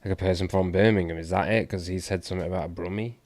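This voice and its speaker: A man's voice: low voice, fairly even intonation, very fast, a little mellow, no room sound. A man hosting a live stream, reacting to a clip with puzzled questions and thinking aloud. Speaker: livestream host reacting to a clip. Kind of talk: casual live commentary.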